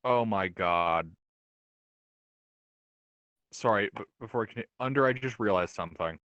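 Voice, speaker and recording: A man with a low-pitched voice running an online tabletop game as dungeon master. He talks casually and laughs easily. His voice sounds close and dry. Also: moderate pace, a bit bright, dry recording, highs cut off.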